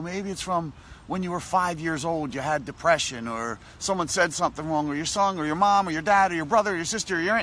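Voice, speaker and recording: A man giving a casual motivational talk, animated and repetitive in a coaching tone. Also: a little high, a little hiss or hum. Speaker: motivational vlogger.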